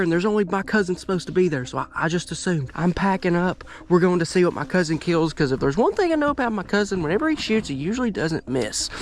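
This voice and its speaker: A young man chatting casually and jokingly to the camera while out hunting. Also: sits high. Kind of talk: casual outdoor vlog talk.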